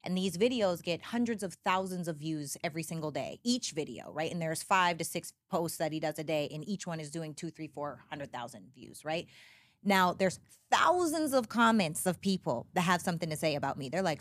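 A woman guest on a podcast, talking candidly in animated, emphatic bursts with frequent restarts. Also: low-pitched, normal speed, dry recording. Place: podcast studio. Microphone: studio podcast mic. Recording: dry close studio sound.

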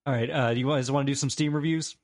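A man co-hosting a casual gaming podcast, laughing often and talking fast. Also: medium pitch, fairly even intonation, no echo, studio quality. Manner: laughing, quick, reads reviews aloud. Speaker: podcast co-host.

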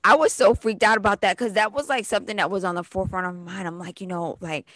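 A woman with a mid-range voice recorded dry and close. She tells her stories in an animated, conversational way and acts out other people's lines as she goes. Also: medium pitch, fast talker, dry recording. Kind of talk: casual chat.

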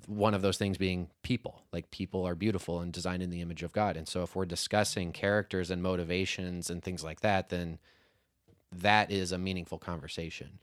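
A man's voice: low voice, steady tone, brisk, dry recording, studio quality. A man co-hosting a faith podcast, talking things through in a thoughtful, casual conversation. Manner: thoughtful, lists ideas in stretched phrases. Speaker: podcast co-host.

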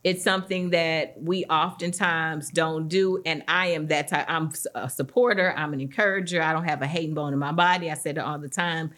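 A middle-aged woman hosting a podcast, chatting warmly with her guest and acting out the voices in her own stories with lively swings in pitch. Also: fairly quick, hardly any pauses. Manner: animated storyteller, acts out quoted voices. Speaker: podcast host. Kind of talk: casual interview chat.

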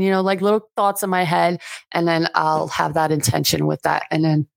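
Speaking at normal speed in a gravelly voice with little pitch movement and no echo, a podcast guest chats casually. Albanian is her first language; she curses a lot and performs quoted voices with large leaps in pitch.

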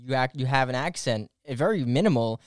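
A young man from the United States with a light New Jersey accent hosts a casual podcast chat over a video call. His voice is smooth and resonant, and the sound is dry and close. He rambles along easily with plenty of "like" and "um". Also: medium pitch, expressive, a little fast, no echo. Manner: chatty, rambling, fillers like "like" and "um". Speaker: podcast host.

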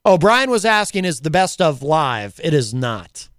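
Casting: playful male talk-radio host, high smooth voice, dry studio sound. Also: sing-song, a little slow, a bit bright, no room sound. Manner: teasing, playful, reads listener messages aloud. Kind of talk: casual on-air banter.

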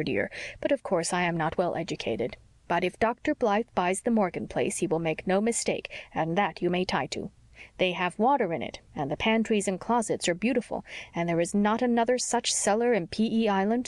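A woman doing a brisk, no-nonsense housekeeper. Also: medium pitch, animated, no room sound, natural voice. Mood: matter-of-fact. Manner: brisk and matter-of-fact. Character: practical, cheerful older housekeeper woman.

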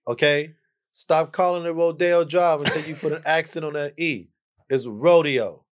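A man's voice: on the high side, little pitch movement, normal speed. Playful lecturing man, AAVE speech. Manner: playful lecturing, repeats phrases for emphasis. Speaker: podcast guest, jazz musician. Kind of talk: casual podcast chat.

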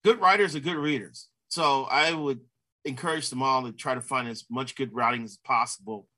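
Male columnist guest from Minnesota, bright tense tone, mid pitch, easygoing with fillers. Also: moderate pace. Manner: thoughtful, many fillers like "you know". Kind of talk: casual interview.

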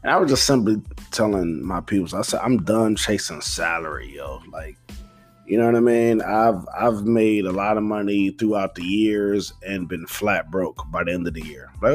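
A man's voice: on the low side, darkish tone. A young man telling a rambling story in a casual monologue, slangy and profane, laid-back.

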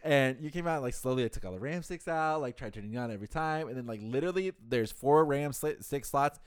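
Fast-talking animated young man. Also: mid-range voice, clear, resonant tone, no room sound, studio quality. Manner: rambling, swears often, laughs loudly. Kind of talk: casual chat among friends.

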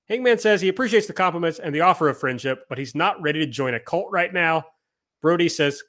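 A man's voice: on the high side, fairly quick, fairly bright tone. A man hosting a casual podcast, recapping events from his notes in a chatty, self-deprecating way. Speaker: podcast host. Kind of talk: casual chat, recapping wrestling.

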